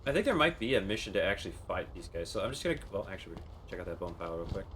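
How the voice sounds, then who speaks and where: A man's voice: deep voice, big pitch swings, racing, fairly bright tone, a little hiss or hum. A young man streaming a video game, muttering to himself, swearing often and talking to the creatures on screen. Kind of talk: casual gameplay commentary.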